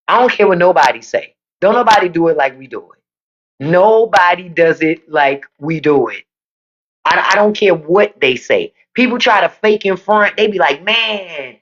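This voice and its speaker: Woman on a live stream talking to y'all, animated pitch, kinda dull lo-fi audio. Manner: playful, laughs often, talks to viewers as y'all. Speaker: podcast host on a live stream. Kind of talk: casual livestream commentary.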